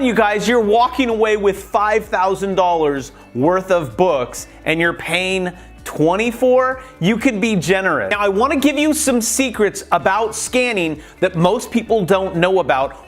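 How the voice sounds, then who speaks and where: A man talking casually in a how-to vlog, chatty and animated, acting out little conversations as he gives tips. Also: high voice, unhurried, soft background music. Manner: chatty and animated, acts out quoted exchanges. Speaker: YouTube creator.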